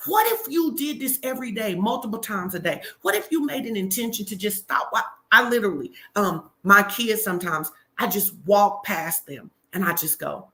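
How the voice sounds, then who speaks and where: A woman hosting a live stream, giving a motivational talk with energetic, emphatic encouragement. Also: mid-range voice, normal speed, hardly any pauses.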